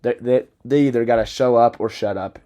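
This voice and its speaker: Give me a young man hosting a sports podcast, excitable and rambling, full of restarts. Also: medium pitch, fairly quick, lo-fi sound. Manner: rambling, self-interrupting, excitable. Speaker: podcast host. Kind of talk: fantasy football podcast talk. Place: Bozeman, Montana.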